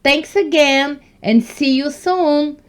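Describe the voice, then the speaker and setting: A woman's voice: high voice, takes it slowly. A woman gives an online English lesson, encouraging her viewers and calling them guys. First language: Portuguese. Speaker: English teacher.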